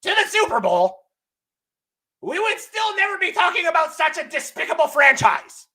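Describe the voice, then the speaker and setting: A young man hosting a live sports stream, ranting loudly and profanely and often shouting. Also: extremely high pitch, very animated, normal speed. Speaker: host.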